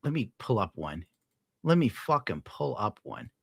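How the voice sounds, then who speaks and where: A man's voice: lowish voice, very animated, unhurried, a bit bright, breathy edge, dry recording, clean studio sound. A man livestreaming, reading chat and ranting in a rambling, profane way with frequent laughs. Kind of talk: casual livestream rant.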